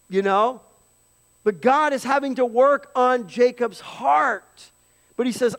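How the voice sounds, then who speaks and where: A man with a fairly high voice preaches in a church hall with a long, ringing reverb. He talks to the congregation in a casual way and acts out quotes with feeling. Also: moderate pace. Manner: conversational preaching with animated, dramatized quotes. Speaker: pastor. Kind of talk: sermon. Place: church sanctuary.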